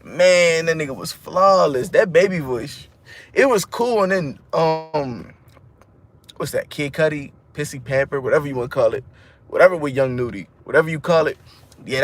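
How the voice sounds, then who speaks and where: A man's voice: on the high side, fairly bright tone. A man giving a casual, rambling music review monologue, full of slang, restarts and fillers.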